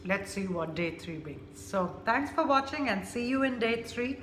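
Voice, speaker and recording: A woman hosting a casual food vlog, unhurried and thinking aloud with many fillers. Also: on the high side, lively intonation, a bit bright, roomy sound, slight background noise. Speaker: cooking vlogger.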